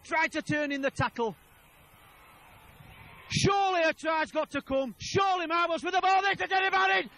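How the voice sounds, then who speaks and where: High bright excited rugby commentator. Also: male voice. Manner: rapid play-by-play, shouting at tries, repeats player names.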